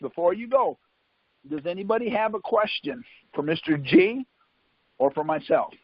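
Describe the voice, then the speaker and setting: Man, husky voice, casual storyteller, conference call line, dull lo-fi. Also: sits high, lively intonation, normal speed, no echo. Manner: keeps asking "See?" while telling anecdotes.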